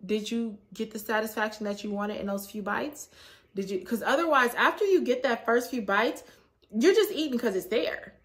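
A woman, chatting casually in a vlog with a sore throat, animated and laughing often. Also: on the high side, moderate pace. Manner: animated, laughs often, acts out her own reactions. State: sore throat after a cold. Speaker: vlogger.

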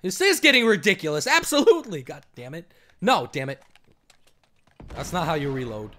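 A man doing let's play commentary, excitable, swinging between yelling and muttering. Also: a little high, normal speed. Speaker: gameplay commentator.

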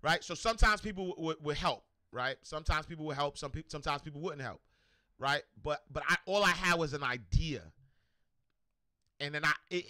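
Male host, high and tense voice, animated and slangy, dry close-miked sound. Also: no room sound. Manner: animated, repetitive, slangy, shouts out viewers. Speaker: show host. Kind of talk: motivational livestream talk.

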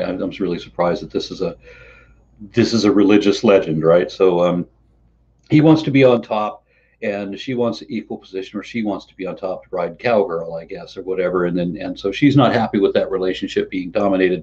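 Low-voiced man, rambling host, dull audio. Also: a little mellow. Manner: rambling storyteller, stumbles and repeats words. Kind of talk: casual conversational interview.

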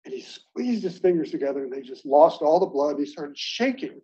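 Husky middle-aged man telling anecdotes. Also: on the high side, animated, normal speed, mellow. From Baltimore, United States. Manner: conversational storytelling, self-deprecating. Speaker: alumni meeting speaker. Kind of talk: anecdotal speech to colleagues. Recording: dull lo-fi recording.

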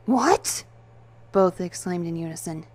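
A woman's voice: on the low side, moderate pace, dark tone. A woman narrating a first-person story in a dry, wry and detached manner.

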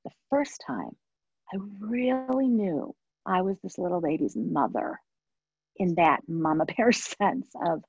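At a webinar, a NICU parent tells a personal story within a professional talk, earnestly circling back on her phrases with soft, trailing asides. Her husky, breathy voice is lowish and slow, with big pitch swings. The dry, slightly dull audio sounds like muffled webinar sound.

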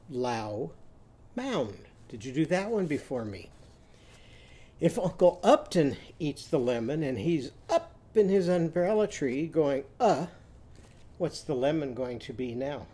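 A man with a fairly high voice leads a children's phonics lesson. He talks slowly and patiently, drawing out each syllable and cheering the listener on to say it first. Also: mellow. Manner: slow, encouraging, sounding out syllables. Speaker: teacher.

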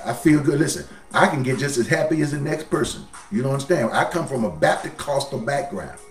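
A man's voice: mid-range voice, lively intonation, brisk, few pauses, reverberant, distant mic, faint music behind. A man preaching a sermon as pastor, folksy, his voice swelling up and dropping down.

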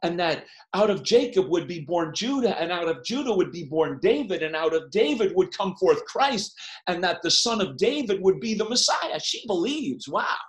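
A man preaching a sermon in a church, impassioned, rising to loud cries when he quotes the text. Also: high voice, big pitch swings, moderate pace. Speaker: pastor.

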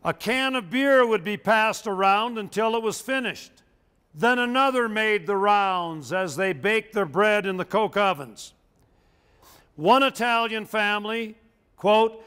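Older man with a high, smooth voice. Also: unhurried, bright, forceful tone. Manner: folksy, anecdotal, joking asides. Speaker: local historian. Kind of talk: storytelling history talk.

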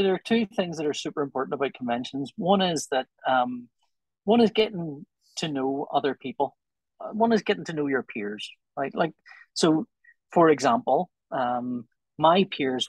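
A man's voice: medium pitch, husky, no echo, poor audio. A man, a comic artist and podcast guest, talking casually and acting out little exchanges as he goes. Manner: animated, acts out little dialogues.

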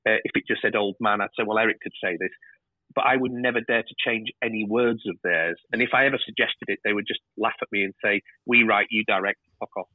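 A man, a TV director, telling lively stories in a casual interview and swearing freely. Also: on the low side, fast, dry recording. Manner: animated storyteller, swears freely. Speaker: TV director, guest. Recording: tinny phone-like line.

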